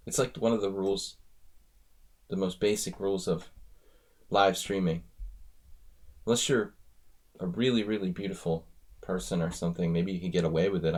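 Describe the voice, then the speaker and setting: American male streamer, low-ish voice, loose rambling live chess commentary. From United States. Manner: rambling, chatty asides between chess moves.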